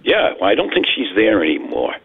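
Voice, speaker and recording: Gravelly older man on a phone line. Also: low voice, huge pitch swings, fairly quick. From New England. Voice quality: gravelly, husky. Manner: rambling storyteller with many fillers. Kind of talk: casual chat.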